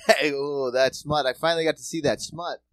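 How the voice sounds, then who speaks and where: A man's voice: fairly high pitch, fairly even intonation, fairly quick, fairly bright tone, no echo. A man co-hosting a podcast, cracking jokes and swearing freely in casual chat. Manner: wisecracking, swears a lot. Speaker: podcast co-host.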